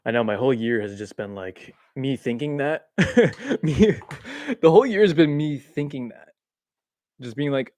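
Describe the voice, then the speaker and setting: Seated in his swivel chair at home, a man leads a relaxed spiritual livestream, meandering and self-deprecating with lots of laughter. His medium-pitched voice is expressive and a little mellow, a touch slow with long pauses, and the boom-arm mic captures it without echo.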